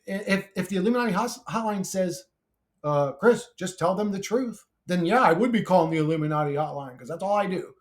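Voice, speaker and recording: A man's voice: sits high, fairly quick. A man casually reading and answering viewer comments, brash and profane, rambling with many restarts and frequent laughter. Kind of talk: casual comment-reply monologue.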